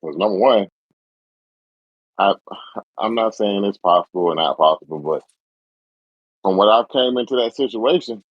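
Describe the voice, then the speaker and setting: A man's voice: fairly low pitch, moderate pace, long pauses, dry recording, muffled recording. A man co-hosting a podcast, reacting to a story in a laid-back, musing way. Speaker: podcast co-host. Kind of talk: casual chat.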